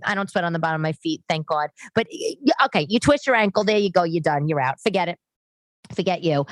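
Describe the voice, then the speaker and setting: A woman's voice: deep voice, no room sound. A middle-aged woman, hosting a podcast in rambling, chatty, self-deprecating solo talk. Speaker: podcast host. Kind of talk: casual solo chat. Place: living room.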